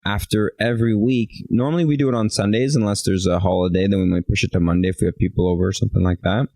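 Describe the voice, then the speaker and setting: A man's voice: on the low side, fairly even intonation, rapid-fire, a little mellow, no room sound, low-quality recording. A man co-hosting a relationship talk show, telling stories animatedly and acting out bits of quoted dialogue. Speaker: podcast co-host. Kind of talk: casual chat.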